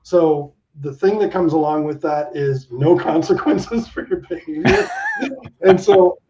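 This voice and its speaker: A man around fifty telling stories as an interview guest, animated and swearing, acting out the people he quotes. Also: on the high side, unhurried, noisy background. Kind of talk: casual interview storytelling. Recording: dull lo-fi sound.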